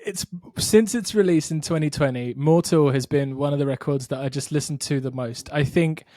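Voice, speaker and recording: A man co-hosting a podcast, gushing about a band he loves in an excitable, sweary casual chat. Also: on the high side, brisk, no room sound, studio quality. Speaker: podcast co-host.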